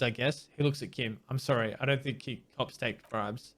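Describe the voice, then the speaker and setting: A man's voice: medium pitch, steady tone, moderate pace, hardly any pauses, a bit bright. Man reading game dialogue aloud. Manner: reads text plainly, mixed with wry asides; trips over hard words and restarts. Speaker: let's play host.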